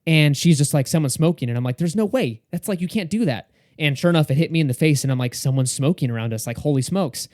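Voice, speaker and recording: A young man co-hosting a casual podcast, rattling off an anecdote and slipping into the voices of the people in it. His voice sits a little high for a man, and the recording is close and dry with no room sound. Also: fast talker, hardly any pauses, no room sound. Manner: animated storyteller, acts out quoted dialogue. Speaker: podcast co-host. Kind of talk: casual chat.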